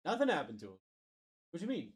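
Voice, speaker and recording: A man's voice: a little high, huge pitch swings, fast talker. A man hosting a live card break stream, calling out picks and chatting casually. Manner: calls out picks, hypes spots.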